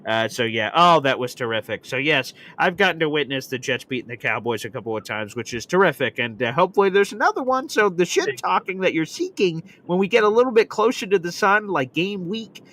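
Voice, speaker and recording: A man hosting a live sports reaction show, telling fan stories with bursts of excited swearing. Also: a little high, fairly quick, few pauses. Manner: excitable storyteller, acts out shouting and swearing. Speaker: host.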